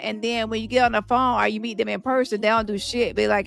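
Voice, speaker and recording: A woman's voice: a little high, flat delivery, normal speed, creaky, hardly any pauses, a bit bright, clear, resonant tone. A woman hosting a livestream, taunting a rival and turning to her viewers in heated reaction commentary. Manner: taunting, confrontational, addresses viewers directly. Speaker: livestream host.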